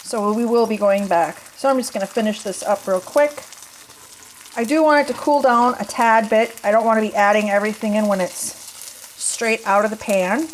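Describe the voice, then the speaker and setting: A woman's voice: mid-range voice, steady tone, moderate pace, slight background noise. A woman vlogger chatting casually to her phone camera while cooking in her home kitchen, folksy and easygoing.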